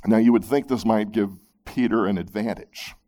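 A man preaching a sermon, reading scripture aloud and commenting on it, moving between loud emphatic peaks and hushed low phrases. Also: moderate pace. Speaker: pastor.

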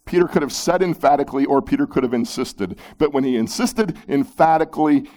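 A man preaching a sermon, reading scripture aloud and commenting on it, moving between loud emphatic peaks and hushed low phrases. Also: expressive, fairly quick, few pauses. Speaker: pastor.

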